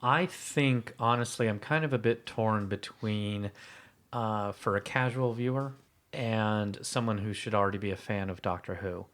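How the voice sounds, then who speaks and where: A man co-hosting a podcast, talking casually and thoughtfully, pausing with fillers as he weighs his view. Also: on the low side, fairly bright tone. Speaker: podcast co-host. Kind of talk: casual chat.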